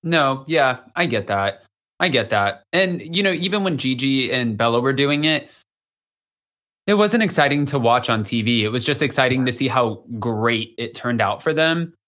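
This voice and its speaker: A man's voice: medium pitch, moderate pace. A man in his thirties from Austin, Texas, a guest on a podcast, chatting casually and acting out quoted voices as he tells stories. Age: 30s. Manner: animated storyteller who acts out quoted voices. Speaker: podcast guest, magazine writer. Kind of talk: casual pop-culture chat.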